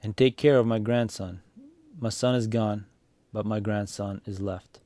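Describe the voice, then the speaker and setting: A man's voice: lowish voice, fairly even intonation, measured pace, dark tone, no room sound, lightly acted. A man reading aloud, voicing a fearful, pious old village grandfather who frets and grows tearful. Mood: anxious, pious. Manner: anxious, tearful.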